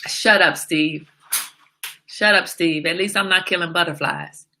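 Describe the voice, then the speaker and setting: A woman hosts a casual livestream in an emphatic, preachy monologue. Her voice sits a little low yet sounds bright. She drives her points home with repeated rhetorical questions. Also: unhurried. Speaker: livestream host.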